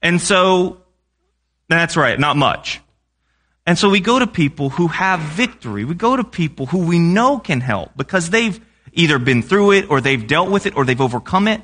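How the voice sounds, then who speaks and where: Young guy preaching, bright clear tone, chatty and asks the crowd stuff. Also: a little high, animated, normal speed. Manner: conversational, asks the congregation questions. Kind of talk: sermon.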